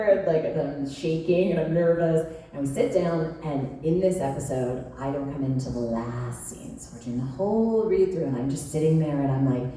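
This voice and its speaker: A woman's voice: sits low, normal speed, few pauses, mellow, slight background noise. A woman in her thirties telling stories at a convention panel, chatty and laughing, with lots of "like". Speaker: panel guest actress. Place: large convention hall. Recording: echoey hall from far off.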